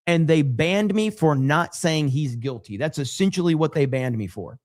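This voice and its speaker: A man's voice: fairly high pitch, normal speed. A man hosting a casual livestream podcast, telling stories bluntly and with plenty of swearing. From USA. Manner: blunt, profane, animated storytelling. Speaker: podcast host.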